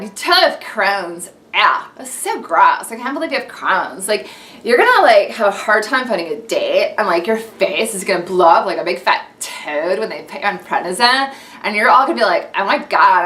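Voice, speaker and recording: A woman's voice: mid-range voice, sharp tone. Woman playing a mean valley girl teen. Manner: mocking, full of "like" and "ew". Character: snobby teenage valley girl, mean and squealing.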